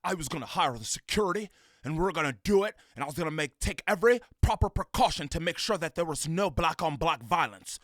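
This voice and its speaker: A man giving loud, slangy reaction commentary on video clips, laughing and mimicking the people in them. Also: on the high side, animated, fast, no room sound, studio quality. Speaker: reaction streamer.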